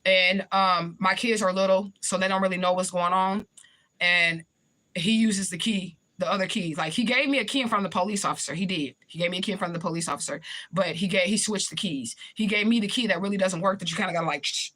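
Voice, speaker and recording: Woman, quick bright delivery, casual storyteller who swears and keeps checking in with the listener. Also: medium pitch. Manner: swears freely, repeats points for emphasis. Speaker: spiritual reader. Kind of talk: casual first-person storytelling.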